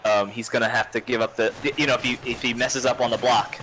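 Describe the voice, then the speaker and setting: A man's voice: medium pitch, level tone, quick pace, a crowd in the background, poor audio. A man giving casual play-by-play commentary on a tabletop game stream, laid-back and cautious, often chuckling.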